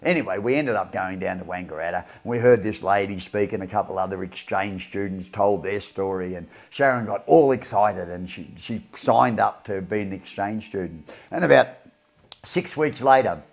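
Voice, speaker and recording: A man's voice: lowish voice, normal speed, gravelly. A middle-aged Australian man giving a casual motivational talk, enthusiastic and repetitive, rambling as he tells stories. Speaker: motivational speaker.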